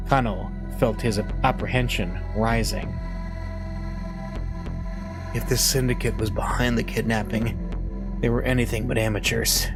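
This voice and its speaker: A man reading game text aloud in an expressive way, with casual asides as he plays. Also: medium pitch, unhurried, pauses often. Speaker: let's play host reading a visual novel. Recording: voice over game music.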